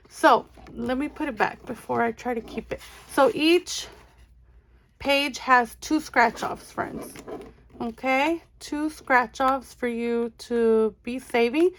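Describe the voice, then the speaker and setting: A woman's voice: high-pitched, takes it slowly. A young woman, chatting casually and gushing as she shows off giveaway items to her viewers. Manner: gushing, excitable, calls viewers friends. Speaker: budgeting channel host. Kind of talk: casual unboxing chat.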